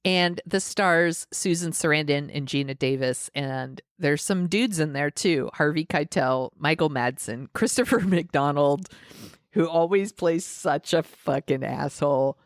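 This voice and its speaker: A woman hosting a podcast in casual, animated chat, joking and swearing freely. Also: deep voice, a little slow, no room sound, clean studio sound. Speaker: podcast host.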